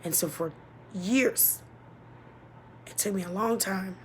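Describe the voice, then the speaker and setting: An adult woman gives a personal testimony about a painful childhood, speaking haltingly and emotionally and often dropping to a near-whisper. Her mid-range voice is husky with a darkish tone.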